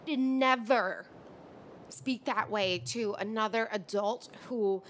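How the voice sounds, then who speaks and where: A woman's voice: fairly high pitch, slow pace, slight background noise. A young woman hosting a podcast, ranting through a casual, frustrated recap of a reality show. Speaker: podcast host.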